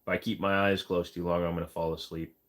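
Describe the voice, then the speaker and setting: A man with a fairly low voice hosts a livestream, chatting casually as he reads out viewer comments. He rambles and jokes, with plenty of "um"s and "uh"s as he wanders from one thought to the next. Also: little pitch movement, quick pace, very noisy. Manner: rambling, joking, lots of fillers. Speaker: live stream host. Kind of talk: casual live chat reading comments.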